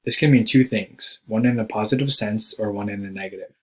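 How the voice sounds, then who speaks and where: Husky low-voiced young man reading a presentation. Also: poor audio. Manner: reads steadily from a script, slowing for the quoted poem. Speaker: student presenter. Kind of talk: read school presentation.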